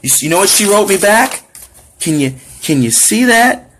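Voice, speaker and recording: A man's voice: high voice, sing-song, normal speed, a bit bright, husky. A man with a Florida accent in a casual, indignant monologue to camera, full of sarcastic asides. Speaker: activist vlogger.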